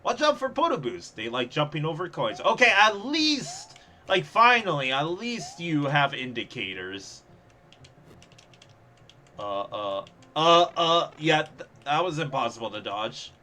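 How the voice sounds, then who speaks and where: A young man giving live, sarcastic gameplay commentary as he streams, reacting fast and laughing at his own mishaps. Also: on the high side, very animated, bright, forceful tone, slight background noise. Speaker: streamer playing a level contest.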